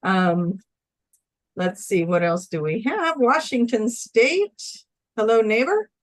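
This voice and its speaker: A woman's voice: on the high side, expressive, slow pace. A woman co-hosting a casual livestream, chatting cheerfully as she reads out where viewers are tuning in from. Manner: upbeat, chatty, reading viewer comments aloud. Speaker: co-host.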